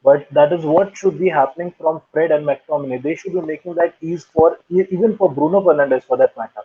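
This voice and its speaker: A man's voice: a little high, brisk, breathy edge. A man giving firm opinions in a casual football chat as co-host. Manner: opinionated, emphatic. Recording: tinny phone-like call line.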